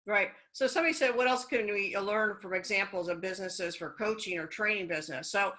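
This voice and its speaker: A woman guest talks casually on a business podcast. Her voice is bright and forceful, and her delivery is chatty, frank and encouraging. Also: medium pitch, brisk, rough recording.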